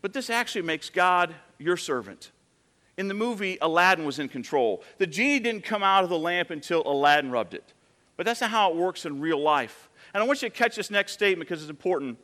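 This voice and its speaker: A man's voice: high-pitched, animated, a little fast, pushed and bright. A man in his thirties preaching a sermon, telling stories and acting out quoted voices in a conversational way. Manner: conversational storytelling with acted quotes. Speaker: pastor.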